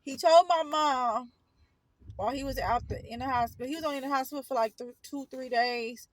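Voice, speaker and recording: In a high voice that runs a little fast, a young Oakland, California woman tells the camera her own story, emotional and casual, with frequent side remarks. The audio quality is poor.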